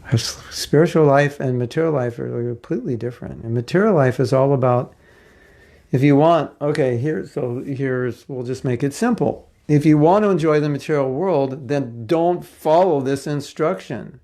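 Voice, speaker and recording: A man's voice: medium pitch, moderate pace, mellow. A man giving a spiritual lecture class in a conversational way, asking rhetorical questions and acting out quotes. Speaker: spiritual teacher.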